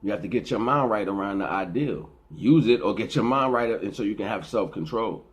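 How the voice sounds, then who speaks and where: A man's voice: on the low side, animated, a little fast. A middle-aged man speaking in a rambling, preachy casual monologue, often repeating and restarting his words. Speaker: vlogger.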